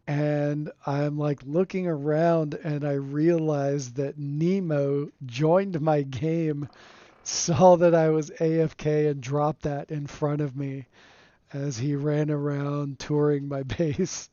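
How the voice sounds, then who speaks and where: A man streaming a game, giving relaxed, rambling commentary and chuckling often, recorded on a home streaming mic. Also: fairly high pitch, slow, dry recording. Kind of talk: casual gameplay commentary. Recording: dull lo-fi dry sound.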